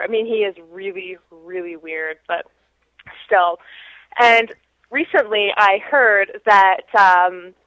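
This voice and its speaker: A woman's voice: mid-range voice, no room sound. A woman from Canada calling in to a podcast, telling a story in a chatty, casual way. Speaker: caller. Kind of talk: phoned-in story. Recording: dull phone line.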